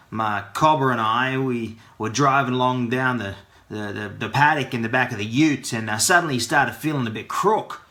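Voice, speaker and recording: Bright-voiced Australian man telling a yarn. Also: medium pitch. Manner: chatty, slang-heavy yarn-spinning. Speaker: vlogger. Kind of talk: casual vlog storytelling. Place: home studio.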